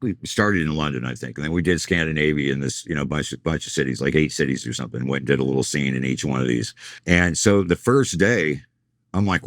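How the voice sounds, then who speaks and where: A middle-aged man with a very deep voice tells road stories at a relaxed, rambling pace. He slips into quoted lines as he goes. The sound is close and dry. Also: fairly quick, no echo. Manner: rambling anecdotal storyteller, acts out quoted lines. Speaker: tour manager and guest. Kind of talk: casual storytelling interview.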